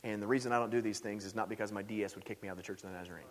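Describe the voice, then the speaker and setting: A man preaching a sermon in a church sanctuary, telling stories in an animated way and rising loud when stirred. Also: on the low side, racing. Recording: echoey hall.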